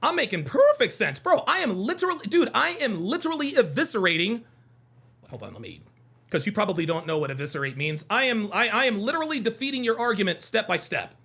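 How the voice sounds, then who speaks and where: Combative animated man ranting on a livestream. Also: high voice, fast, creaky, breathy edge. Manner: combative, mocking, repetitive. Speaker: livestream host reading chat. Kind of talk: heated call-in livestream commentary.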